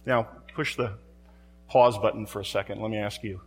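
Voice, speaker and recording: A man's voice: lowish voice, fairly even intonation, normal speed, slightly rough, long reverb tail. A man preaching a sermon in a church, dramatic and rhetorical, building his points through repeated phrases and pointed questions to the congregation.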